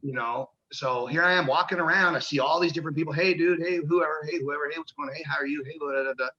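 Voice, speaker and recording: A man's voice: fairly high pitch, fast talker, bright, forceful tone, dull audio. A man, a pro wrestler, telling rambling, profane stories in a casual interview and acting out the voices of people he quotes.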